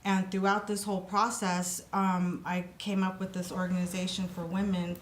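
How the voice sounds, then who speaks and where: A woman's voice: fairly low pitch, little pitch movement, moderate pace, reverberant, a little hiss or hum. A woman guest on a talk show, speaking earnestly and with emphasis.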